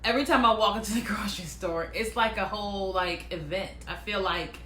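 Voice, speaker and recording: A woman chatting casually and telling personal stories, animated and quick to act out what other people said. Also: medium pitch, roomy sound, slight background noise. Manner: animated, acts out quoted voices, laughs often. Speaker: speaker sharing personal stories. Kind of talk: casual storytelling monologue.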